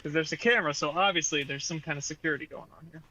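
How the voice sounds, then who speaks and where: A man's voice: a little high, very fast, bright, forceful tone, low-quality recording. A man playing a tabletop game, eager and decisive as he declares his actions. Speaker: player. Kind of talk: casual tabletop play.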